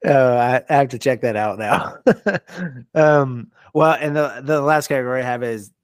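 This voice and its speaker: A man's voice: medium pitch, unhurried, no room sound. A young man in the middle of the male range, chatting as a podcast guest. He laughs often and stops and starts with fillers. The sound is dry and close. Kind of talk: casual chat.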